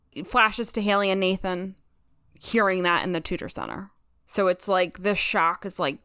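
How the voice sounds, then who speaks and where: A woman's voice: fairly low pitch, a bit bright, no room sound, clean studio sound. Earnest woman co-host recapping a TV scene. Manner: earnest, emotional, retells scenes with quoted lines. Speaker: podcast co-host. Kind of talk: casual recap chat.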